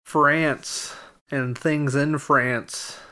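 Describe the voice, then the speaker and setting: Relaxed male podcast host. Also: fairly high pitch, very slow, clean tone. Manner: relaxed, chuckling, reads history segments in an even, informative way. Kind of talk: casual history podcast chat.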